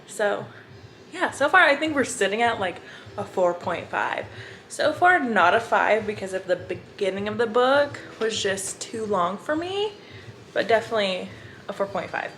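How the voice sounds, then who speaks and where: A woman's voice: mid-range voice, normal speed, a little hiss or hum. A young woman chatting casually on her book vlog, gushing and telling stories to her viewers. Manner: gushing, animated storytelling to viewers. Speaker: book vlogger.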